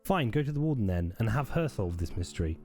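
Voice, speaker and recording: A man's voice: on the low side, big pitch swings, fast, darkish tone, soft background music. A man reading as a stern old village matriarch. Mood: scornful. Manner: curt, dismissive. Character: stern aging woman village leader.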